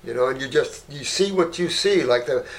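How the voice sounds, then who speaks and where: A man who runs an herbal clinic, talking casually and rambling through anecdotes, often tagging "you know" and "right?", and growing animated as he tells them. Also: moderate pace. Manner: animated, jumps up in pitch when telling stories.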